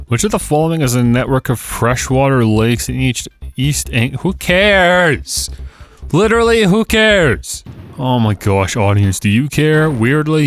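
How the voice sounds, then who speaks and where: A man doing casual gameplay commentary on a quiz game, sarcastic and exasperated, joking as he reads the questions aloud. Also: medium pitch. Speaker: gaming YouTuber.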